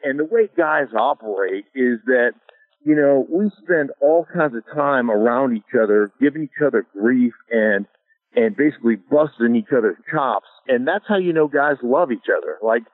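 An expressive, medium-pitched man speaks at a moderate pace with no echo, heard over a tinny, dry phone line. He's middle-aged, from Alaska, and a former pro football lineman, telling stories in a laid-back interview full of chuckles and "you know" fillers.

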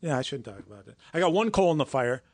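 A man's voice: mid-range voice, very animated, fast talker, dry recording, studio quality. A man chatting as a podcast guest, rambling and repeating himself, laughing easily. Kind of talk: casual chat.

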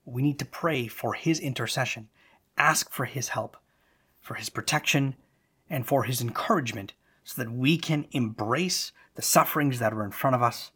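A man hosting a devotional podcast, speaking earnestly and leading prayers in a measured, exhortative way. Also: medium pitch, pushed and bright, breathy edge. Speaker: podcast host.

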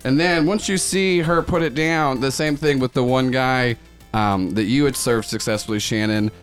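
A man's voice: mid-range voice, moderate pace, faint music behind. A man narrating as game master of a tabletop game, rambling with lots of fillers and laughing.

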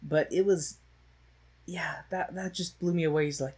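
A man's voice: fairly high pitch, moderate pace, a little mellow, husky. A man chatting casually about a movie he watched, rambling along with frequent laughs and a sardonic edge. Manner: rambling, laughs often, slips into mocking voices for quotes. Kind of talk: casual chat, movie discussion.

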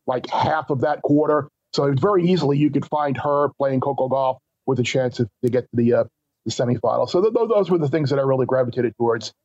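A man's voice: medium pitch, fairly quick, darkish tone, no echo. Stop-start man on a dull remote line. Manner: stop-start, repeats words while thinking. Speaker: guest sports bettor. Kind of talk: remote guest on a talk show.

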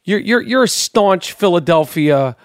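Animated stammering podcast host, man. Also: high voice, measured pace, dry recording, clean studio sound. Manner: animated, stammering restarts, swears. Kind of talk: casual sports chat.

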